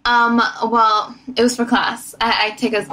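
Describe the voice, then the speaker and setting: A woman's voice: fairly high pitch, little pitch movement, measured pace, sharp tone, rough recording. A young adult woman, an actress guest in a casual podcast chat, laughing often and trying out accents. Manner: giggly, plays with put-on accents. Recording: faint background noise.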